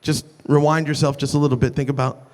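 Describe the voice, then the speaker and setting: A male pastor delivers an impassioned sermon, hammering points home through repetition and quick restarts. His voice sits high for a man and rings out with long reverb through a large church hall. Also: level tone, a little mellow. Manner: impassioned, repeats phrases for emphasis, frequent restarts.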